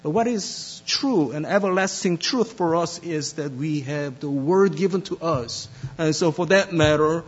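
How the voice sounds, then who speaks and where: A man preaching a sermon as pastor, speaking deliberately with many pauses and fillers. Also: on the high side, husky, lo-fi sound.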